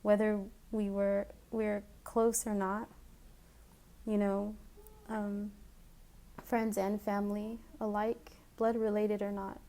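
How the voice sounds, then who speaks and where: A woman speaks to her viewers in a heartfelt personal video message. Her voice stays flat and even in pitch while she talks in a halting, emotional way, often stopping and starting again. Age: adult with children. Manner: emotional, halting, grateful, with fillers and restarts. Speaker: vlogger.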